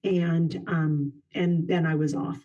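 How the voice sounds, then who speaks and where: A middle-aged woman telling a personal story as a podcast guest, halting, with many pauses and restarts. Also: low voice, steady tone, warm tone, recorded from a distance, muffled recording.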